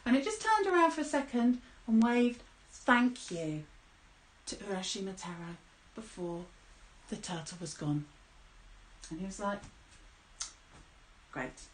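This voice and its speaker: A woman telling a story live to children in a playful, animated way, with sound effects and calls to join in. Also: mid-range voice, normal speed, pauses often, a little hiss or hum. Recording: roomy echo.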